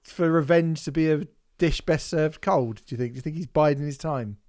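A man's voice: a little high, a little fast, darkish tone. A man, co-hosting a podcast in casual chat, rambling and laughing often. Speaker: podcast co-host.

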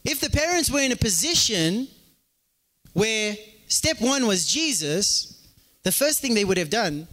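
This pastor's sermon comes in a high male voice at a measured pace. He jokes and acts out little dialogues in an animated way, and the sound echoes as in a hall.

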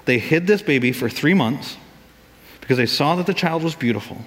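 A man preaching a sermon as pastor, casual and animated, acting out the people he quotes in raised voices. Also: fairly high pitch, a little fast, long reverb tail.

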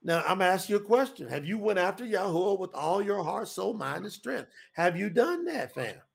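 Preacher, man in his 50s, high-pitched and lively, folksy, repeats himself for emphasis. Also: normal speed, vocal fry, husky. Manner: animated, folksy, repetitive. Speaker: preacher and co-host. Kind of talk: preaching talk to an audience.

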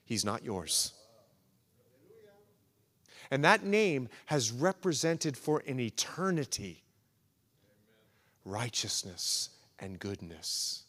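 A man's voice: mid-range voice, a bit bright. A man preaching a sermon as pastor, emphatic and repetitive, swelling and dropping in intensity. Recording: echoey hall recording.

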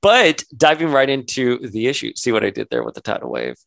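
A man co-hosting a comic book podcast in a relaxed, joking chat. His voice sits in a middle register, and it jumps up high whenever he mocks a character. The sound is close and dry. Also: brisk, creaky, no room sound. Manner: animated, jokey, pitch jumps up when mocking characters. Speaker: podcast co-host. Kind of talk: casual chat reviewing comics.

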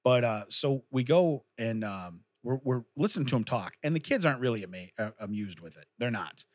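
Male podcast co-host, middle pitch, dry close sound, laughs a lot while rambling through stories. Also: animated, brisk, no echo. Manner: laughs often, rambling storytelling. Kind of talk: casual chat.

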